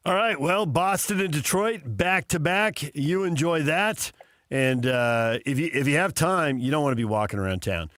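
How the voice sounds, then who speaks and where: Chatty sports radio host. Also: male voice, a little high, lively intonation, moderate pace, a bit bright, dry recording, clean studio sound. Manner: chatty storyteller, laughs often. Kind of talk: morning sports talk radio.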